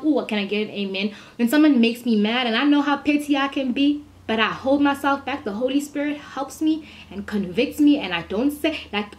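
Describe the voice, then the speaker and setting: A young woman, talking casually to camera in a lively, exclamatory way as she encourages her viewers with a Bible story. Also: a little high, moderate pace. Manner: lively, exclamatory, preachy and upbeat. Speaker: Christian vlogger.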